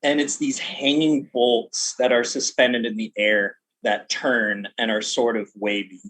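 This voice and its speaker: A man narrating a tabletop role-playing game as game master, in an animated, casual way. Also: mid-range voice, measured pace, rough recording.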